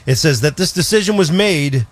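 A man co-hosting a radio show in casual on-air chat, animated and jokey, often restarting his sentences. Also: a little high, normal speed. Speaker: radio co-host.

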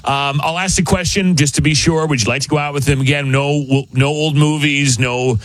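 A man hosting a radio dating segment, teasing and bantering playfully with quick interjections. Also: fairly high pitch, steady tone, no echo, poor audio. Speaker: radio show host.

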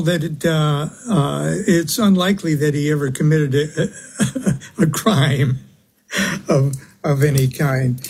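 Male radio guest, husky, unhurried, halting delivery full of uhs. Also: on the high side, a little mellow. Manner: halting, many uhs, chuckles. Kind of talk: radio interview.

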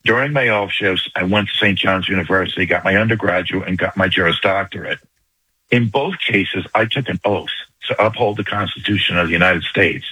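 An older man with a New York accent, calling in to a radio show and making his point fast and urgently. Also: sits low, pushed and bright, husky, dry recording, rough recording. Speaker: caller. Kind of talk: call-in radio talk.

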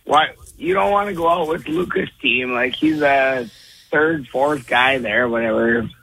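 A man from Minnesota calling into a sports radio show, hoarse after losing his voice, rambling and hesitant. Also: mid-range voice, a little slow, pushed and bright, poor audio. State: hoarse, lost voice. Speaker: radio caller. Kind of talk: call-in talk radio.

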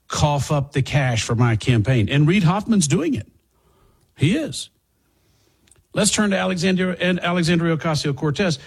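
A man's voice: a little high, darkish tone, husky. A man hosting a political talk radio show, sarcastic and emphatic. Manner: sarcastic, emphatic, repeats phrases. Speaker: radio host.

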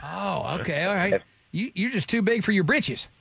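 High-pitched guy radio host, jokey and laughing a lot, dry close mic. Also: expressive, moderate pace, gravelly, a bit bright, breathy edge, no echo. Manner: joking, laughs often, reads made-up phrases. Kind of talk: casual radio banter.

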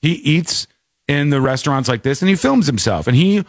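A man hosting a podcast, giving casual, animated commentary on a viral clip. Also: fairly high pitch, normal speed, no echo, studio quality. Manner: animated, mocking impressions. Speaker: podcast host.

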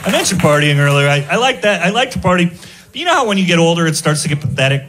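A man's voice: on the high side, sing-song, quick pace, fairly bright tone, some chatter behind. A man doing stand-up comedy, telling exasperated, grumbling stories.

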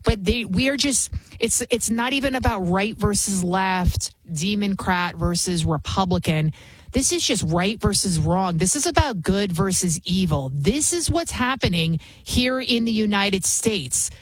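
A woman with a husky, slightly breathy voice delivers heated political commentary as a show host. She is emphatic and fervent, and she often stumbles and restarts mid-sentence. The sound is close and dry, with no room echo. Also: medium pitch, animated, measured pace.

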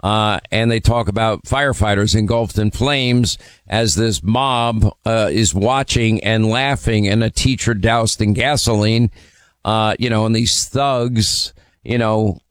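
A male talk-radio host speaks into a close studio mic. His mid-pitched voice sounds dry and close, and his delivery is emphatic and opinionated, full of "uh" fillers. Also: dry recording.

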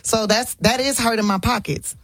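A woman telling stories as a talk-show guest, in a lively, slangy, casual way with laughs. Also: on the high side, normal speed, dry recording. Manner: animated storytelling, slangy, laughs. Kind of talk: casual chat.

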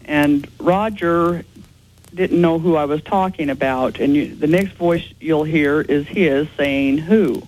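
A man's voice: fairly high pitch, steady tone, slow pace, a little mellow, rough recording. A man answering interview questions as a ghost investigator, explaining in a matter-of-fact way.

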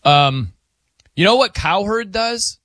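A man's voice: high voice, expressive, slow, bright, forceful tone, no echo, clean studio sound. A middle-aged man hosting a radio show in casual chat, laughing often and mimicking how people say words.

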